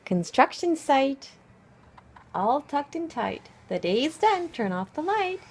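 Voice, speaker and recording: Japanese-native mom reading a bedtime picture book, high lively voice, slow and sing-song, faint home noise. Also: female voice. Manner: animated, expressive, hushed at times. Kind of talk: bedtime story read-aloud.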